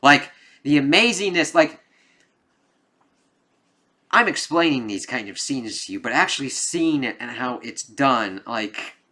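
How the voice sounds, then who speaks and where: A man's voice: medium pitch, lively intonation, unhurried, long pauses, sharp tone. A man giving a casual spoken film review, rambling with lots of "like"s and frequent swearing.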